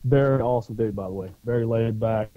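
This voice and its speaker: A former Marine co-hosting a podcast, telling stories in a profane, animated way and acting out the shouting. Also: male voice, mid-range voice, fast talker, no room sound. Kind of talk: casual storytelling chat. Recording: dull lo-fi dry sound.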